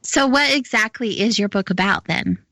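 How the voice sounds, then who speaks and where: A woman's voice: fairly high pitch, normal speed, pushed and bright, dry recording. Upbeat woman hosting a radio talk show. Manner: upbeat, chatty, welcoming.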